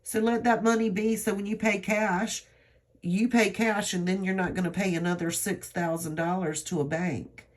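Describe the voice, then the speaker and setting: A woman's voice: medium pitch, fairly even intonation, normal speed. A woman, chatting to her viewers in a rambling, earnest, encouraging way. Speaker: vlogger. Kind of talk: casual talk to camera.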